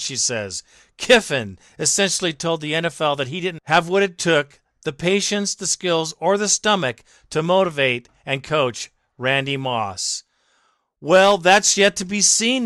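A man's voice: sits high, bright, forceful tone, dry recording, clean studio sound. A man hosting a sports podcast, ranting sarcastically and mockingly at an absent critic, with indignant swearing. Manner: rants, swears, directly addresses absent critic. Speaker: podcast host.

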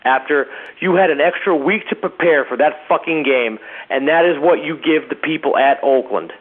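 A man's voice: on the high side, moderate pace. A man calling in to a radio show, ranting with disgust and heavy profanity. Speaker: caller. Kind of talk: ranting voicemail. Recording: tinny phone line.

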